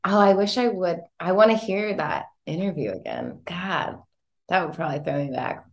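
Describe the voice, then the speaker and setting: Low-pitched woman, singer-songwriter guest, relaxed chatty interview talk with frequent laughs. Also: normal speed, vocal fry. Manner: chatty and expressive, laughs often. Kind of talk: casual interview chat.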